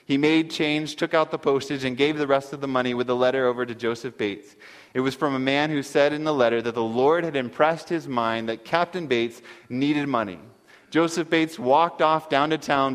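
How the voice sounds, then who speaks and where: Male preacher, mid-pitched, sermon storytelling; reverberant hall. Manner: earnest, reads a story aloud.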